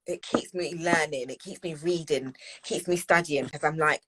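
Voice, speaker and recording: A woman's voice: deep voice, moderate pace, hardly any pauses, background noise. A woman speaking as a guest in a live discussion, earnest and repeating phrases for emphasis. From United Kingdom. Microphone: video call.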